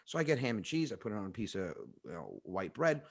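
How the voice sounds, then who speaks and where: Animated, swearing New comedian. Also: male voice, fairly low pitch, quick pace, gravelly, breathy edge. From New York. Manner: animated, swearing, acts out quotes. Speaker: comedian guest. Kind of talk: casual storytelling. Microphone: podcast studio mic.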